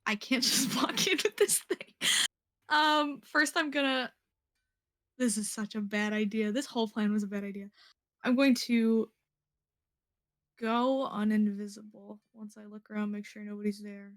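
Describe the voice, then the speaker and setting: A woman playing a character in a tabletop game, anxious and full of quick questions. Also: medium pitch, steady tone. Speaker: player.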